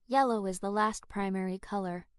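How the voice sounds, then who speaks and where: Gentle mom explaining things slowly, woman narrator doing her, dry close audio. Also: medium pitch, steady tone, clean tone, no room sound, lightly acted. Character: warm, proud mother explaining colors.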